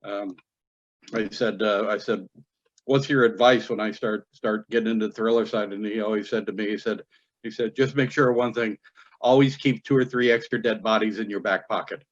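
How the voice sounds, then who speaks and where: A man's voice: lowish voice, fairly even intonation, normal speed, muffled recording. A male host with a Kentucky accent chatting in a rambling way over a video call, with lots of fillers and restarts. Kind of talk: casual chat.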